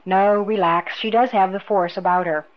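A woman's voice: mid-range voice, steady tone, normal speed, close to an everyday voice. Earnest young man, read by a woman; firm, direct delivery; dull recording.

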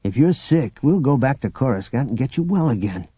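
A blunt, protective smuggler, voiced by a male narrator, talks plainly and without fuss. His voice is dark and husky on a dull, dry recording. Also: medium pitch, lively intonation, a little fast, no echo. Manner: blunt, matter-of-fact.

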